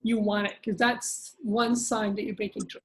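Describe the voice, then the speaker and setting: A woman's voice: medium pitch, little pitch movement, moderate pace, low-quality recording. A woman leading a group therapy session, coaching members in a direct, emphatic way.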